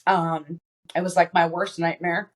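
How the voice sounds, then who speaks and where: Telling a personal story as a podcast guest, a woman speaks in a fairly low voice whose pitch barely moves. Her delivery is halting, broken up by frequent fillers like "um" and by restarting sentences.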